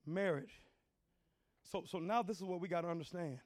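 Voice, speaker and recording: A middle-aged pastor preaches at a moderate pace, using folksy, everyday language. His delivery swings between quiet talk and loud, shouted lines.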